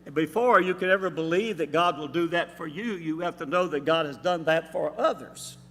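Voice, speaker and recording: A man filling in as preacher, giving a measured, explanatory sermon with pauses in a church sanctuary. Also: a little high, a bit bright. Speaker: substitute preacher. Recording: reverberant church hall.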